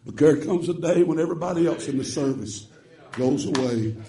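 A man preaching a revival sermon, swinging from hushed tones to chanted shouts with rhythmic "uh" breaths. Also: fairly high pitch, animated, a little fast, reverberant, far from the mic.

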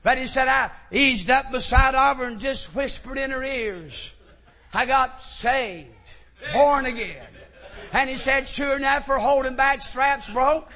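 A man preaching a sermon, telling stories and rising to shouted fervor. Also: extremely high pitch, moderate pace, hardly any pauses. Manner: rises to shouted fervor in quoted lines. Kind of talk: sermon storytelling.

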